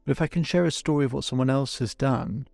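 Gravelly-voiced man coaching a client. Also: medium pitch, a little mellow, no room sound, soft background music. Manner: reflective, halting with many restarts. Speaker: life coach. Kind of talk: coaching session with asides to listeners.

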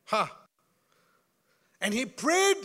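A man preaching a sermon in an animated, joking way, often laughing and calling out to his congregation. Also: extremely high pitch, drawn-out words.

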